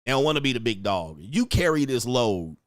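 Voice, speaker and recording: A man hosting an online show in a loud, mocking, profane ranting style, swinging into high shouted tirades. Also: big pitch swings, fairly quick, no echo. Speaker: online dating coach and host.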